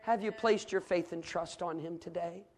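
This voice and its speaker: A middle-aged man delivers a sermon. He tells a personal story in a low, intimate tone, then builds to fervent, loud preaching. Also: steady tone, moderate pace.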